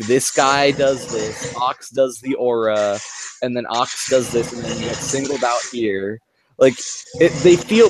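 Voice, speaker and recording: A man in casual chat on a painting stream, rambling and explaining with lots of fillers. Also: mid-range voice. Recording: noisy mic with clicks.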